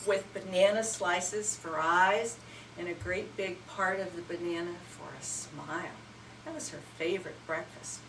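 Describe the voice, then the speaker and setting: A woman's voice: on the low side, a little hiss or hum. Woman telling a children's story. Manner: animated, asking listeners to join in. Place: retreat center hall. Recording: roomy hall, mic far off.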